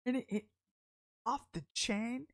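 A middle-aged woman minister telling personal stories in a sermon, chatty and animated, often laughing as she talks. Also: a little high, unhurried. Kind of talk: candid storytelling sermon.

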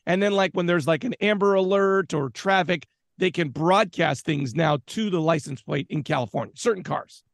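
A man's voice: on the high side, moderate pace, gravelly, hardly any pauses, dry recording. A man co-hosting a podcast, chatting casually in a playful, jokey way and laughing often. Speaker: podcast co-host. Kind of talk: casual chat.

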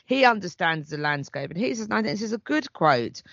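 Woman, co-host, animated pitch, thinking aloud, dry close sound, slightly muffled. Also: vocal fry, no room sound. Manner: measured, thinking aloud with restarts. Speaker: podcast co-host. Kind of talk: casual discussion podcast.

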